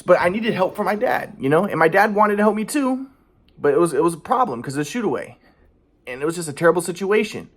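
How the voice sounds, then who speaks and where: A man's voice: high-pitched, expressive, fast. A man in his thirties, talking in his apartment in an aggrieved, rambling, repetitive monologue. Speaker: vlogger. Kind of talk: monologue to camera. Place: apartment by an alleyway.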